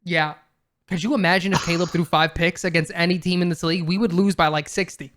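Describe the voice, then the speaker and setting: A man's voice: high voice, fairly even intonation, fast, a bit bright. A man co-hosting a casual sports podcast, talking bluntly and emphatically and swearing casually. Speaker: podcast co-host.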